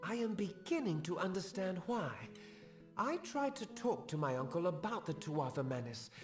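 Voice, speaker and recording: A man voicing a young half-elf nobleman in a game, with a high, soft voice and a flat, emotionless delivery. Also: moderate pace, music in the background. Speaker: game character.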